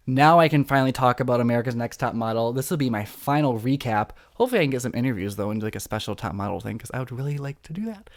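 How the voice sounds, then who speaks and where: An excitable young man hosts a casual podcast recap of reality TV. He talks fast and throws himself into the drama. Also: medium pitch. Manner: excitable, dramatic, acts out quotes. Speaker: podcast host.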